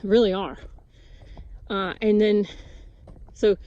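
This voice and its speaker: A woman's voice: medium pitch, level tone, slow, mellow, dull audio. A woman vlogger telling a rambling casual story with many restarts and asides while she does chores outdoors on a farm. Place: outdoors at a farm with goats and chickens.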